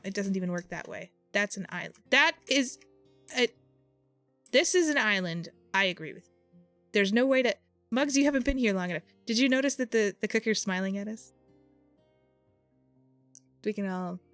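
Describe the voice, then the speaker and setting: A woman's voice: mid-range voice, normal speed, pauses often, fairly bright tone, dry recording, soft background music. A woman streaming a game and chatting with her viewers, thinking aloud in an exasperated way. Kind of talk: casual live-stream chat while playing.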